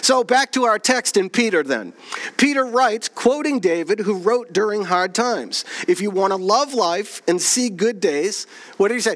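A man preaching a sermon, reading scripture aloud, asking the congregation questions and slowing down on key phrases. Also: a bit bright. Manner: slows and drops low on key phrases. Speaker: pastor.

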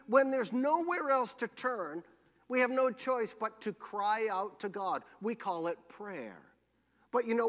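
A man preaching a sermon as pastor, earnest and slowing down to press scripture home. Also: sits high, a bit bright. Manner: earnest, slows for scripture and emphasis. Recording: long hall reverb.

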